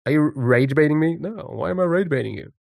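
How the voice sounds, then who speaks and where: A man's voice: a little high, lively intonation, quick pace, creaky, no echo, clean studio sound. A man live-streaming a word game, chatting casually and greeting viewers by name.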